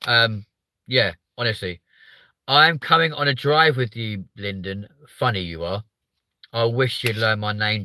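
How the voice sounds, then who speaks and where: Sweary joking man, low voice. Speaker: live show host. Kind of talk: casual live-stream chat with viewers.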